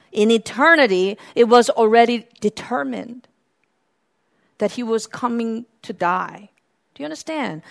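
Slow, impassioned woman preaching a sermon. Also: medium pitch. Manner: swings from hushed murmurs to fervent near-shouting.

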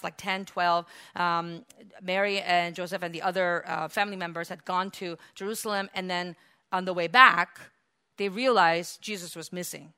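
Bright-voiced woman preaching emphatically. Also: medium pitch, smooth. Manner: emphatic, rising to loud repetitions with many fillers. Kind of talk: sermon.

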